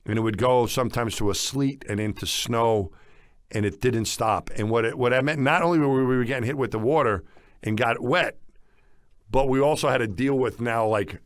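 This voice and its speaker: A middle-aged man co-hosting a podcast, telling a story casually with lively chuckles. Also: mid-range voice, moderate pace, no room sound, studio quality. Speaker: podcast co-host.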